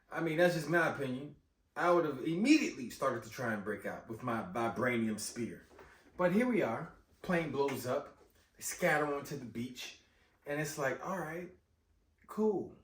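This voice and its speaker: A man recapping a movie in casual chat, animated and slangy, often exclaiming. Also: mid-range voice, normal speed, slight background noise. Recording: roomy echo, distant mic.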